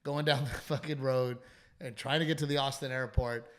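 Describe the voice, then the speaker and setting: A man, hosting a comedy podcast, who tells stories animatedly and swears casually. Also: mid-range voice. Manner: animated storytelling, frequent swearing, quick asides. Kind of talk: casual chat.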